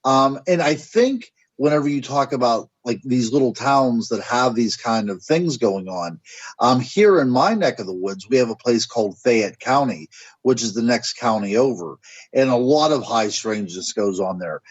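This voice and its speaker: A man's voice: medium pitch, animated, normal speed, dry recording, dull audio. A man from the United States, a guest on a radio interview, musing and speculating as he searches for words. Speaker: guest author and paranormal researcher.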